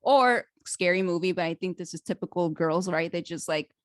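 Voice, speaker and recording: A woman hosting a podcast interview in a casual, chatty way, enthusiastic and animated, laughing easily. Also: lowish voice, moderate pace, dry recording. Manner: self-described dramatic storyteller. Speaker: podcast host.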